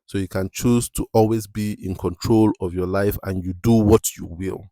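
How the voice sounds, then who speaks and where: A young adult man hosting a podcast, talking in an emphatic, preachy way and often asking "you understand?", with his voice climbing high when he presses a point. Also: fairly even intonation, moderate pace, dark tone, no room sound, studio quality. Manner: rises sharply in pitch when stressing a point. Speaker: podcast host. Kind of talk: motivational podcast monologue.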